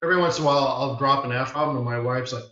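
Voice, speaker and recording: A man's voice: mid-range voice, fast, pushed and bright. Emphatic man teaching a live trading webinar. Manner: emphatic, blunt, repeats short commands. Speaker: forex market strategist hosting a live webinar. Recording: roomy, distant, dull-sounding mic.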